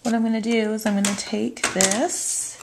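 A woman demonstrating card making step by step, calmly narrating what she does with her hands. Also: fairly high pitch, moderate pace, gravelly, background noise. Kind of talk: step-by-step craft tutorial.

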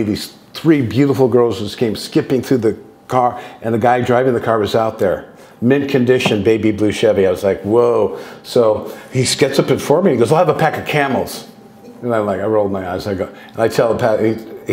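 In an echoey room, a guest speaker on contact experiences, a man in his sixties, talks a little fast in a medium-pitched, darkish voice. His storytelling is rambling and anecdotal, full of restarted sentences and acted-out dialogue.

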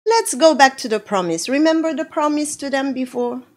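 A woman pastor from the Philippines preaching a sermon, slow and animated, acting out quotes as she goes. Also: high-pitched.

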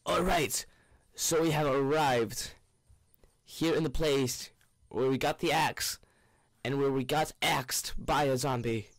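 A man's voice: medium pitch, takes it slowly, dry recording. A young man giving goofy, rambling commentary on a game he is playing, with bursts of panicked shrieks. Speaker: gaming YouTuber. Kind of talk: let's play commentary.

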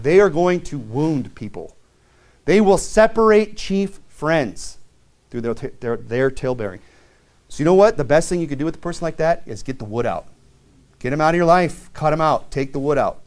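A man preaching a sermon, reading scripture slowly and dramatically and then telling stories in a lively, casual way. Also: fairly high pitch. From Caribbean island. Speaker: pastor.

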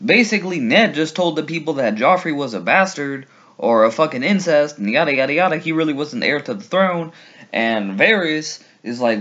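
Casting note: a swearing vlogger guy ranting to camera, pitch swinging all over, slightly muffled lo-fi sound. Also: normal speed. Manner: animated, profane, mock voices for characters. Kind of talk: casual ranting commentary. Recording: dull lo-fi sound.

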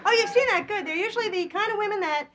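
A young woman from Long Island, a stand-up comedian on a TV studio stage, with a quick, punchy delivery. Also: very high-pitched, crowd noise. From Long Island, New York. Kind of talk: stand-up routine and talk-show chat. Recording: loud studio audience and noisy broadcast.

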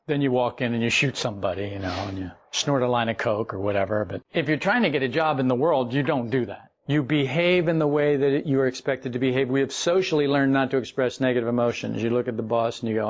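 A man in the middle of his natural pitch range gives a spiritual lecture in a folksy, wry way, slipping into playful asides. The recording sounds a little dull and lo-fi. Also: fast, hardly any pauses. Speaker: esoteric teacher. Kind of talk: spoken lecture.

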